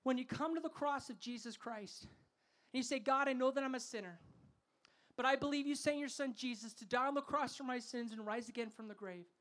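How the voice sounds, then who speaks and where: A man preaching a sermon to a festival crowd, fervent and calling for responses, sometimes rising to shouts. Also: very high-pitched, brisk.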